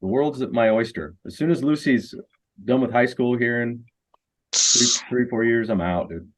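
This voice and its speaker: A man's voice: mid-range voice, normal speed. A middle-aged man from Missouri chats as a podcast guest in an ordinary mid-range voice. He tells rambling stories and laughs easily between them. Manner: laughs often, loose storytelling. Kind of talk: casual podcast chat.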